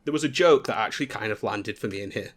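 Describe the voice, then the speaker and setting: A man's voice: on the low side, fast talker, a bit bright. A young man co-hosting a casual anime talk show, riffing jokingly with stammered restarts and frequent laughs. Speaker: podcast co-host. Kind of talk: casual chat.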